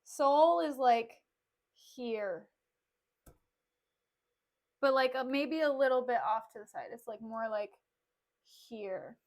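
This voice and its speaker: A woman's voice: a little high, takes it slowly, pauses often, darkish tone. A woman streamer chatting casually on a desk mic, filling her talk with "like" and laughing often. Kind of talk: casual livestream chat and play recap.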